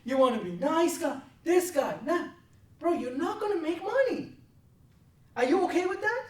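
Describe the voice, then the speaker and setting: Intense high-voiced woman lecturing traders. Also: very animated, moderate pace. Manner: intense, blunt, profane, presses for answers. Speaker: trading desk head. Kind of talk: confrontational mentoring talk. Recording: roomy, from a distance.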